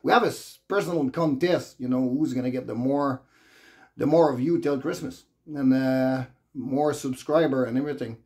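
A man's voice: mid-range voice, normal speed, darkish tone. A man from Quebec with a Quebec French accent, a native French speaker, ranting casually to camera in loose grammar, swearing freely and rambling. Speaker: vlogger.

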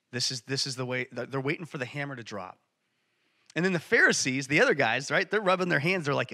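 A man's voice: mid-range voice, expressive, quick pace, sharp tone. A man preaching a sermon in church, telling a Bible story with passion and emphasis. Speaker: church speaker.

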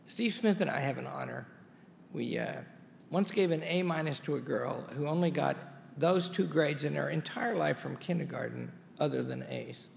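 Gravelly older-sounding college head, lively pitch, wry folksy speech in a reverberant hall. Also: male voice, a little hiss or hum. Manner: wry, folksy storytelling with asides. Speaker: college president. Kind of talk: anniversary speech to an audience. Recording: hall reverb with faint ambience.

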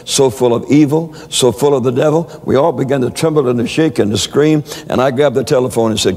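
A man's voice: medium pitch, a little fast, few pauses, a little mellow, husky, long reverb tail. A man preaching a sermon, telling stories with many stammered repeats. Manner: storytelling with frequent stammered repeats.

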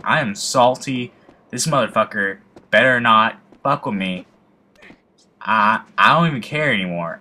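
A man's voice: medium pitch, sharp tone, a little hiss or hum. A young man commenting casually on a video game he plays, emotional, rambling and swearing often, mocking himself. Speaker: let's play gamer.

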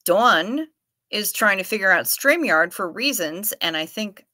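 A woman's voice: medium pitch, animated, measured pace, sharp tone, no room sound. Chatty woman with a Minnesota accent. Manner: chatty, playful, reads viewer comments aloud. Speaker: livestream host. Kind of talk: casual chat reading live comments.

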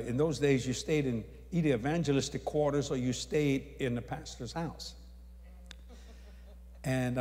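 A man telling a testimony story as an evangelist, acting out the people in it and raising his voice at the high points. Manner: animated, acts out dialogue, shouts at climaxes. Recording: long hall reverb.

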